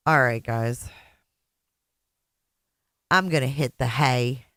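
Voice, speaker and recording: A woman hosts a casual livestream and chats with her viewers in a joking, teasing way. Her voice is smooth and clear. The sound is dry and close to the mic. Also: extremely low pitch, slow pace, fairly bright tone, no room sound. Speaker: host.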